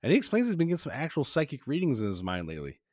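A man's voice: a little high, wildly swooping pitch, very fast, a little mellow, no room sound, studio quality. A man hosting a podcast, recapping an old cartoon episode in a joking, rambling casual chat full of fillers. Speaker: podcast host.

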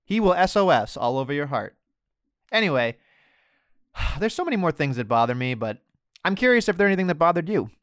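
A man with a high voice holds forth in casual podcast chat, animated and profane, now and then mimicking others. His voice sounds dry and close to the mic. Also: a little fast, long pauses, no room sound. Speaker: podcast co-host.

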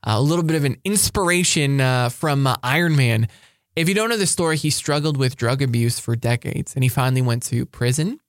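A man preaching a motivational talk to high school students, energetic and emphatic, repeating his key phrases. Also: fairly quick, dry recording, clean studio sound. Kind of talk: sermon-style motivational talk.

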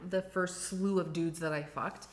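A woman's voice: fairly low pitch, steady tone, measured pace, reverberant, noisy background. A woman chatting frankly and bluntly on a podcast, swearing freely and asking pointed questions. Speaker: podcast co-host. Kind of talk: frank casual chat.

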